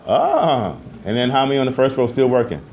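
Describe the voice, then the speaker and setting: A man teaching a music class, keeping students on task with firm, brisk directions and some playful teasing. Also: mid-range voice, wildly swooping pitch, muffled recording. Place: school classroom. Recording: noisy classroom with students chattering.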